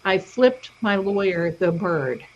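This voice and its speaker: A middle-aged woman, hosting a livestream, tells stories in a casual chatting style and mimics the voices of people she quotes. Her mid-range voice has a darkish tone and lively intonation, and she takes her time. Audio is dull and lo-fi.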